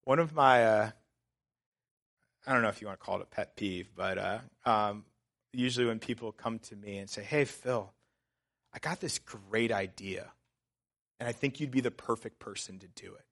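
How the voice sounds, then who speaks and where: A man, a pastor in his thirties, preaching a sermon in a conversational, somewhat sarcastic way that builds to loud, emphatic urging. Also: lowish voice, normal speed.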